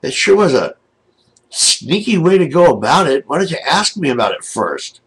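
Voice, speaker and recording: Indignant older man with a husky voice. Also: a little high, big pitch swings, moderate pace, poor audio. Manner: indignant, aggrieved, rambling. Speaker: video blogger. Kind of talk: angry webcam rant. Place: home, seated in a wheelchair.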